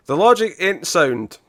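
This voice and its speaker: A man's voice: a little high, gravelly, fairly bright tone, dry recording, clean studio sound. A man hosting a podcast, chatting casually and animatedly as he recaps TV episodes, laughing often. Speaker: podcast host.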